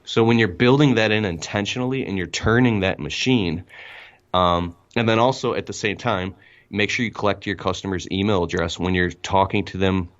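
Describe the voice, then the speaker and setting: A man telling stories as a podcast guest, excitable and rambling with emphatic asides. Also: sits low, moderate pace, muffled recording. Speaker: guest, window cleaning business owner. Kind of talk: casual podcast conversation.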